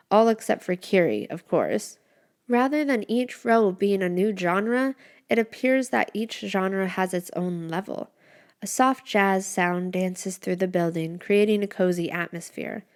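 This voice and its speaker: A woman narrating a first-person fantasy story in an expressive, descriptive way. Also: medium pitch, unhurried.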